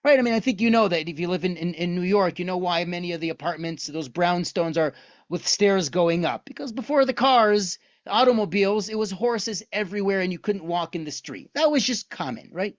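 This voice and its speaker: A man giving an online lesson on Jewish texts. He tells the story in an animated way and asks many rhetorical questions. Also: high-pitched, brisk, no echo, dull audio.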